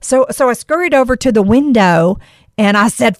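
A woman's voice: on the high side, lively intonation, normal speed, no room sound, clean studio sound. A middle-aged woman hosting a podcast, telling a personal story with earnest emotion and reflecting on Bible verses. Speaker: podcast host.

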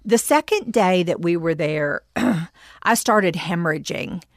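Middle-aged woman, low voice, halting testimony; dry and close. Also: lively intonation, no echo. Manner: reflective and halting, with frequent pauses and restarts. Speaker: storyteller. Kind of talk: personal testimony.

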